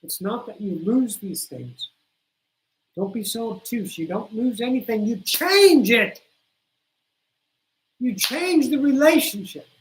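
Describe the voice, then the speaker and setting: A woman with a somewhat high voice gives a spiritual talk on a livestream. She speaks straight to her viewers, blunt and a little profane, hammering her points home by repeating them. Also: lively intonation, slow pace, pauses often, slight background noise, rough recording. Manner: addresses viewers directly with insistent repetition.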